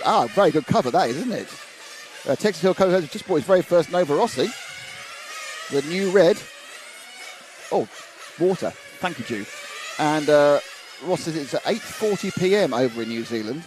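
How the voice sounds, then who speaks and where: A man's voice: fairly high pitch, lively intonation, moderate pace, a little mellow. A man commentating live on a model car race, chatting and rambling through viewer comments at an outdoor track. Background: engine noise.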